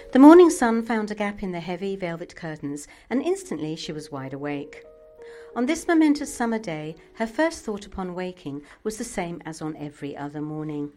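A woman hosting and narrating a bedtime story in a measured, scripted reading. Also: lowish voice, very animated, darkish tone, faint music behind. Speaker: host and narrator.

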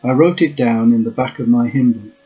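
A man telling a memoir story in a slow, measured reading voice. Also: medium pitch. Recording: dull lo-fi with faint guitar.

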